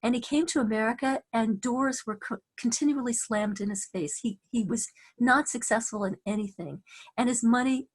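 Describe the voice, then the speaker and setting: Husky-voiced woman telling a story. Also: a little high, moderate pace. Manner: animated, many restarts, acts out voices. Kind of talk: casual spoken storytelling.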